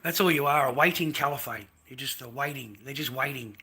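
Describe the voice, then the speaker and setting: A man's voice: medium pitch, a little fast, bright, forceful tone, a little hiss or hum. An Australian man on a livestream, delivering a crude, rambling rant full of swearing and repeated phrases.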